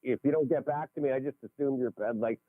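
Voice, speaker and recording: A man in his forties calling a radio show, chatty and lively, heard over a phone line. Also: mid-range voice, fast, no room sound. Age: 40s. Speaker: caller. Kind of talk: call-in radio chat.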